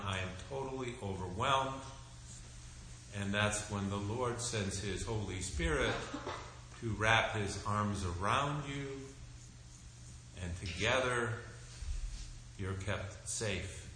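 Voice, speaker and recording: In a church sanctuary with a very strong echo and faint background noise, a middle-aged male pastor slowly tells the children a story. He's animated and expressive, his voice low yet bright.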